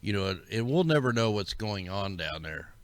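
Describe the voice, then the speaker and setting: A man's voice: lowish voice, big pitch swings, normal speed, no room sound. A man hosting a livestream, rambling casually and conspiratorially as he talks through maps and greets his viewers. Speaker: livestream host. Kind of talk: casual commentary over maps.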